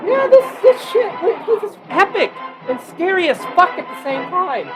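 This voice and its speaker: A man's voice: very high voice, normal speed, over music, crowd noise. A man hosting a podcast, chatting casually and telling rambling, profanity-filled stories. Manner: animated, profane storytelling; rambling and digressive. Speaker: podcast host. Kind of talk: casual chat.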